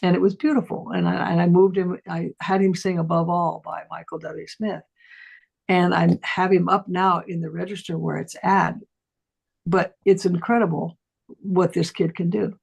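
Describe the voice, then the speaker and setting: A middle-aged woman, a voice teacher, telling a casual story on a talk stream and acting out the voices of the people in it with big jumps in pitch. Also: little pitch movement, normal speed, gravelly, a little mellow, slightly rough.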